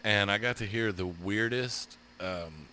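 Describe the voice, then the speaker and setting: A man, co-hosting a podcast and telling profane, animated stories. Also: fairly low pitch, a little slow, slight background noise. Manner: profane, animated storyteller who acts out his own yelling. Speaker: podcast co-host. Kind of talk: casual storytelling chat.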